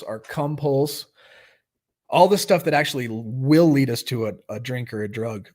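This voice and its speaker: A man hosting a livestreamed recovery meeting, talking in an earnest, loose and conversational way and leading a short group prayer. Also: medium pitch. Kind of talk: casual livestream meeting talk. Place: home, livestream.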